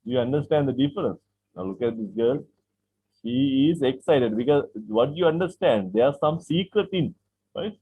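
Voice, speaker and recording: Lively male teacher on a tinny line. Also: mid-range voice, breathy edge. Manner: repeats phrases, checks understanding with "right?"; acts out example sentences with lively, drawn-out delivery. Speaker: English teacher. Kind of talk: online English lesson explaining vocabulary. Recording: tinny call-like line from an online class.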